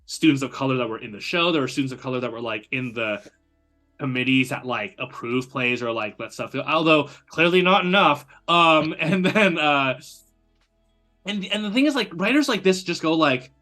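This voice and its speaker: A man's voice: on the high side, soft background music. A young adult man from the United States, a guest talking animatedly in a casual chat, with lots of fillers. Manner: animated, quick and chatty, many fillers.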